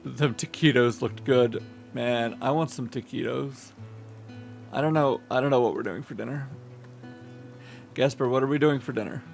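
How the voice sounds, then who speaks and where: A man's voice: medium pitch, normal speed, creaky, long pauses, soft background music. A man streaming a game, joking and rambling in casual chat and comic narration.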